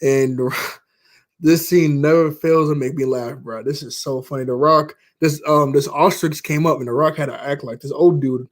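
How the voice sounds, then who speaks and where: A young man speaks about movies in a steady tone at a moderate pace, his voice fairly high. As a YouTuber doing casual rambling commentary, he wanders with lots of fillers and laughs.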